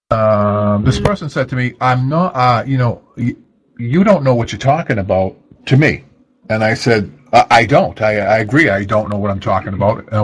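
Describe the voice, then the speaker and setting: A man's voice: mid-range voice, husky, low-quality recording. A man hosting a casual radio talk show, rambling and self-deprecating with lots of fillers and restarts.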